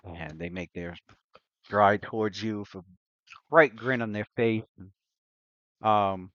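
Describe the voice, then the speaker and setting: A man narrating a tabletop game as game master, halting and correcting himself as he searches for words. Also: lowish voice, no echo. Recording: dull lo-fi recording.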